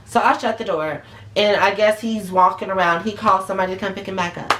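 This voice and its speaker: A woman's voice: mid-range voice, fairly even intonation, fairly quick, background noise. Blunt, profane woman telling a storytime. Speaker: vlogger. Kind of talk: storytime vlog. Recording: roomy echo.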